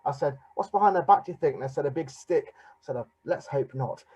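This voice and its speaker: An English man, a schoolteacher, talks to an audience on a video call and reads from children's picture books with animated delivery. His voice sits a little high for a man, dark and somewhat husky. He speaks loosely, with many fillers. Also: brisk, low-quality recording. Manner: animated storyteller with many "you know" and "uh" fillers. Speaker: teacher giving a talk.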